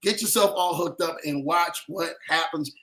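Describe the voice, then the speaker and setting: Pumped up guy hosting a live stream, high bright voice, echoey room. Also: moderate pace. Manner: hyped, repeats phrases, calls out viewers. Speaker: host. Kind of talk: upbeat livestream talk. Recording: roomy echo.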